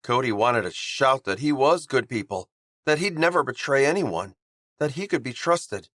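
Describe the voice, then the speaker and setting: In clean studio sound without any echo, a man with a mid-range voice narrates a romance audiobook. He follows the script in a measured, even storytelling manner.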